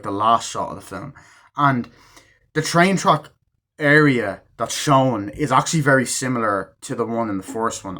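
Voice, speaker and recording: A man giving a casual, rambling movie review, full of fillers and the odd swear, acting out characters' lines in quick snippets. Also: mid-range voice, fairly bright tone.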